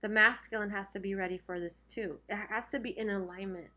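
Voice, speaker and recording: A woman's voice: medium pitch, fairly even intonation, fairly quick, bright, forceful tone, slight background noise. Lady doing a chill tarot reading, chatty, keeps asking okay?, voice kinda worn out. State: losing her voice. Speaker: tarot reader. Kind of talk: casual spiritual reading to camera.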